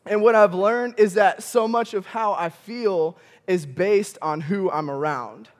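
Animated high-voiced preacher man. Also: unhurried. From Michigan. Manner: animated storytelling, chuckles often, rallies the congregation. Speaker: campus pastor. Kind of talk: sermon. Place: church auditorium.

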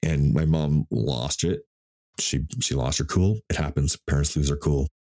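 A man's voice: extremely low pitch, moderate pace, gravelly, warm tone. A man in his fifties hosting a solo podcast, talking candidly and emotionally about his life, swearing freely and restarting sentences. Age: 50s. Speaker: podcast host. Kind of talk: solo reflective podcast monologue. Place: home desk in front of a computer.

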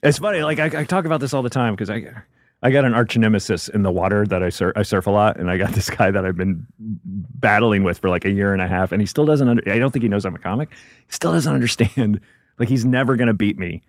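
Podcast host guy, talks fast and animated, swears, dry close mic. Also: fairly low pitch, no room sound. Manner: animated, quick anecdotes, swears. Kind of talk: casual chat. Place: podcast studio.

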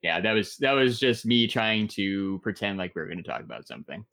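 Lively, animated male podcast host. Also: on the low side, a little fast. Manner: lively, laughs often, rambling. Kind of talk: casual chat.

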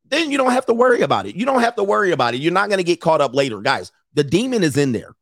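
A man's voice: sits high, sing-song, very fast, creaky, no echo, studio quality. A man giving dating advice to his viewers in a casual monologue, with a brash, profane and joking delivery.

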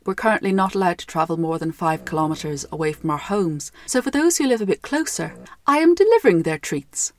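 A young Irish woman narrating a storybook tale in a gentle, measured way. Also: fairly low pitch, expressive, no echo.

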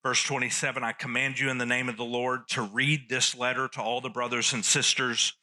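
A man's voice: medium pitch, little pitch movement, fairly quick, sharp tone. A man preaching a sermon, teaching earnestly and repeating key phrases for emphasis. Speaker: pastor.

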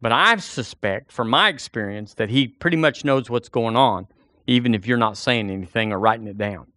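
A man's voice: medium pitch, normal speed, sharp tone, no room sound, studio quality. A man preaching a sermon as pastor, folksy and storytelling, acting out the voices of the people in his stories.

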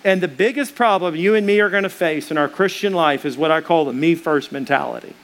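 A man's voice: a little high, fairly quick. A male pastor preaching a sermon, earnest and emphatic, speaking straight to his listeners and driving points home by repetition.

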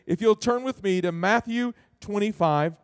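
A pastor delivering a sermon who tells stories, then slows down and drops to a soft voice to stress a point. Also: male voice, sits high, smooth. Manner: storytelling, slowing down and dropping soft to stress a point.

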